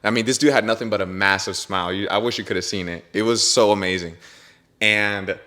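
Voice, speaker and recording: A young adult man hosting a podcast, telling a story in casual chat with an animated, slangy manner full of bro and dude. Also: on the low side, fairly quick. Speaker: podcast host.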